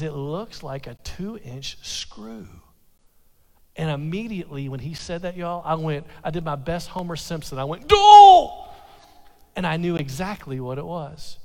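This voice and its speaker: A man preaching a sermon as pastor, telling a personal story with animated, stammering restarts, in a church. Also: high voice. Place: church sanctuary. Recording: long hall reverb.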